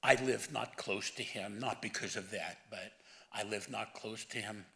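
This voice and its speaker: Bright-voiced man in his seventies giving a eulogy. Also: on the low side, normal speed, creaky. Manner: emotional, voice rising and breaking near tears. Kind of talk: funeral eulogy.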